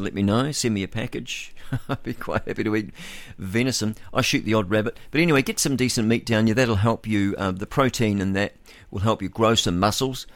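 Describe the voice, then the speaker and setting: A blunt, rambling male talk-radio host, chuckling to himself as he airs his opinions. His voice sits fairly low and sounds close and dry in a dead studio. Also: dry recording. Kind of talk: opinionated solo radio monologue.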